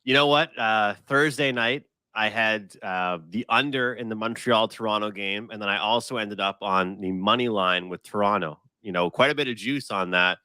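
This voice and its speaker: A man speaking as a sports betting guest, with a bright, forceful voice. He tells chatty stories full of quick asides. The recording is dry and close, with no room sound. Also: fairly low pitch, clean tone, no echo. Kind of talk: casual sports betting chat.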